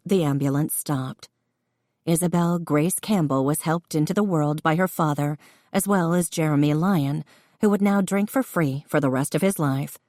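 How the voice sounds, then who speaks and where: A woman narrating a novel audiobook in measured storytelling. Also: sits low, a little mellow, no room sound, clean studio sound. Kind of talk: scripted narration.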